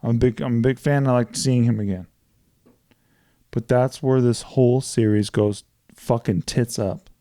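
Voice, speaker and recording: Profane, animated man with a dark tone. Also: mid-range voice, normal speed, no room sound, studio quality. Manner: profane, animated retelling of movie plots. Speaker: podcast co-host. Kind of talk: casual storytelling chat.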